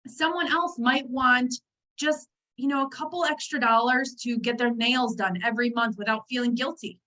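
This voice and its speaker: Over a video call, a woman with a high-pitched voice runs a motivational training session for her network marketing team. She's chatty and animated, often breaking off into asides to her listeners, and speaks at a normal speed despite the poor audio.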